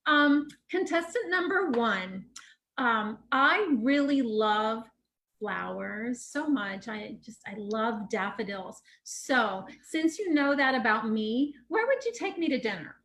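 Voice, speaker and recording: A woman's voice: on the high side, expressive, slow, fairly bright tone, full character voice. A woman playing a sweet, earnest young dating-show contestant in an improv scene over a video call.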